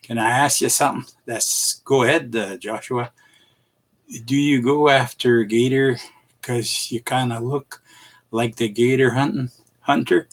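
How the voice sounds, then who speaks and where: With a steady, medium-pitched voice over a faint hiss or hum, a middle-aged man from Canada runs a relaxed live stream. He laughs frequently and welcomes viewers by name, his folksy speech halting and dotted with "eh" and other fillers.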